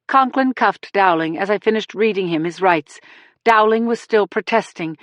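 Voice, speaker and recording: A woman narrating a first-person crime thriller audiobook in a dramatic, measured reading. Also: medium pitch, a bit bright, no echo.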